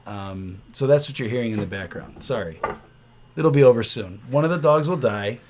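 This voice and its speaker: A man co-hosting a podcast from his children's bedroom, joking in a dry, deadpan way. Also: mid-range voice, moderate pace, background noise. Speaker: podcast co-host. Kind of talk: casual chat.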